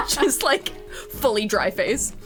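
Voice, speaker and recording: A woman chatting casually during a game, laughing and slipping into quick voices. Her pitch swings widely while she talks at an unhurried pace. Clear game music runs behind her. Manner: laughing, animated, breaks into voices. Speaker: let's play player. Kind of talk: casual chat.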